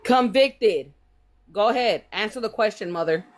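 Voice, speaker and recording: A woman's voice: medium pitch, animated, normal speed. A woman host who confronts a guest on a live call, swearing and repeating her questions.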